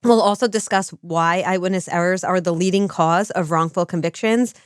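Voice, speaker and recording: A woman hosts a podcast in a smooth, resonant voice pitched a little low. She talks in an organized, explanatory manner. The sound is dry and close, with no room echo. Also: normal speed. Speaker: podcast co-host and lecturer. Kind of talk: casual podcast chat.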